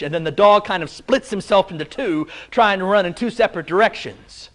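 Man, pastor, high-pitched voice, casual playful sermon, quizzes the congregation, church setting. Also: brisk. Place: church before a live congregation.

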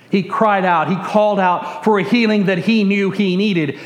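A man preaching a sermon, slow and emphatic, leading the congregation in call and response. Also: high-pitched. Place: church sanctuary. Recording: echoey hall with long reverb.

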